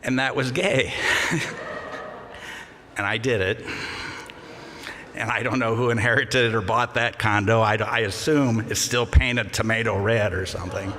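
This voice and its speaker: An older man giving a memorial eulogy, telling fond anecdotes with gentle humor. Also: medium pitch, steady tone, measured pace, pauses often, slight background noise. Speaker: eulogy speaker. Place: large congregation hall. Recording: long reverb of a large hall.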